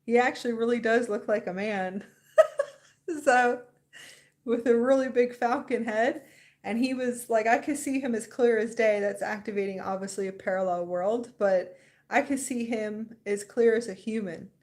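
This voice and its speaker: A young woman hosting a spiritual livestream, chatting casually in a rambling, excited way and laughing often. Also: a little high, moderate pace.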